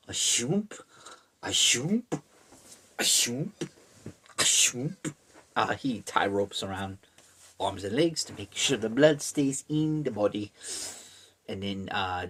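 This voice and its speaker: A man giving a comedic summary of a horror book, deadpan and in deliberately broken caveman-style English. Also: lowish voice.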